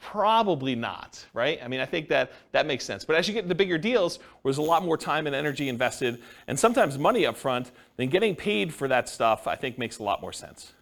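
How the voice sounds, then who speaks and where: A man's voice: fairly high pitch, very animated, fairly quick, gravelly, hardly any pauses, a bit bright. A man giving a conversational classroom lecture on real estate partnerships, checking in with his listeners and using many fillers. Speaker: real estate investing instructor.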